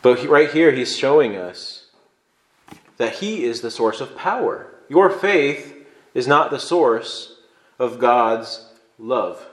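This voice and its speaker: A male pastor from Illinois delivers a sermon in a conversational, emphatic way that builds into fervent stress. His voice sits at an ordinary middle pitch. The church room around him rings with a noticeable echo. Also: animated, slow. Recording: echoey room.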